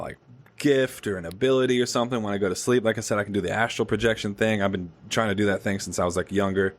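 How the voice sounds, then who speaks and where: Podcast host, young man, low voice, animated casual storyteller. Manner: animated storytelling, swears freely. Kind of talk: casual chat.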